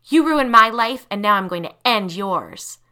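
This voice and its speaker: A woman's voice: mid-range voice, animated, a little slow, sharp tone. A woman voicing a cold, vengeful teenage girl in a told ghost story, speaking in an icy, menacing tone.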